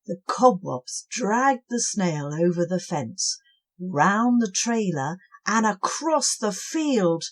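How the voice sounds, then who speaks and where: A woman telling a bedtime story very slowly and softly. Her breathy voice rises and falls in an animated way, gentle all the while. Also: mid-range voice. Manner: slow and gentle, with lively swings. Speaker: children's storyteller.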